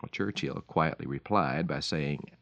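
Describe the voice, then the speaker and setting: A man's voice: rumbling low, unhurried, vocal fry, fairly bright tone, no echo. A man giving a radio devotional talk as a preacher, telling a story in a folksy, emphatic way. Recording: dull lo-fi radio recording.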